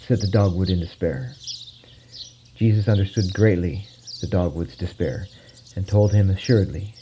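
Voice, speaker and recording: A man narrating a legend in a measured, solemn storytelling manner, on a dull lo-fi recording with faint birdsong behind. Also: sits low, dark tone, slight background noise.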